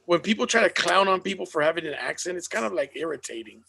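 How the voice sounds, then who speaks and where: High, gravelly man chatting casually. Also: animated, fast, sharp tone. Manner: loose, profane, joking. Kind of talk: casual chat.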